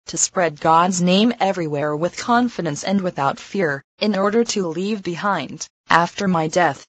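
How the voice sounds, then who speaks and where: Brief: woman narrator, low voice, measured and solemn, dry close recording. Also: no room sound, rough recording. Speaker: reader. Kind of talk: scripted narration of a religious text.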